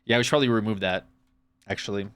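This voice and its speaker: A man's voice: on the low side, fast talker, a bit bright, smooth. A man from the United States, streaming live and reacting to chat with sarcastic, profane, rambling rants.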